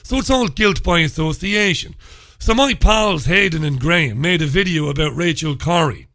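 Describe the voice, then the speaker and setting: Middle-aged Irish male radio host, sarcastic solo rant, bright forceful tone, dry close studio sound. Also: on the high side, lively intonation, moderate pace, no room sound. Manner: sarcastic, ranting, mock questions. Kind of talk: solo talk radio commentary.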